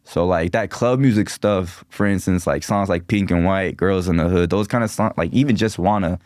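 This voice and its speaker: A young man from Minneapolis, a rapper guest on a podcast, talking in a relaxed, rambling way full of "like" and slang. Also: low voice, moderate pace, no room sound, clean studio sound. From Minneapolis, USA. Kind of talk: casual podcast interview.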